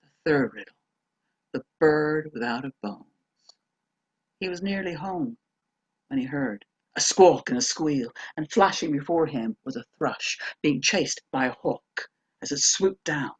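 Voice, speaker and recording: Brief: woman storyteller, dramatic folk-tale telling, husky edge, dry close sound. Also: deep voice, expressive, a little slow, no room sound, rough recording. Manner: dramatic, shifting between hushed and emphatic.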